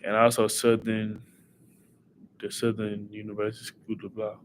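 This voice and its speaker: A young man hosting a casual livestream, thinking aloud through quiz answers and talking back to his chat in an excitable way. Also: lowish voice, moderate pace, a little hiss or hum. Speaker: livestream host.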